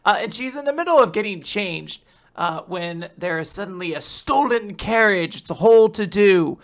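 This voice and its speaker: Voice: mid-range voice, expressive, moderate pace. A podcast host recapping manga chapters in a casual, rambling way, laughing often.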